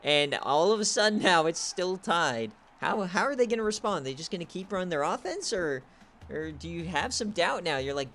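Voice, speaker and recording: A young man calls a video game football game like a play-by-play announcer, speaking to his viewers from a home streaming setup. His voice is bright and slightly high, and he gets excitable. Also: moderate pace, a little hiss or hum. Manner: excitable, shouts on big plays. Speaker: play-by-play commentator. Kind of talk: video game sports commentary.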